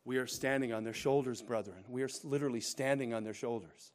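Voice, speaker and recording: A male pastor delivers a sermon with his voice at a middling pitch. He presses hard on key phrases, then drops to quiet, drawn-out asides. He keeps turning to the congregation with pointed rhetorical questions. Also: steady tone. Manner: dramatic swings from loud emphatic bursts to hushed, slow asides; addresses listeners directly with rhetorical questions. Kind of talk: preaching a sermon.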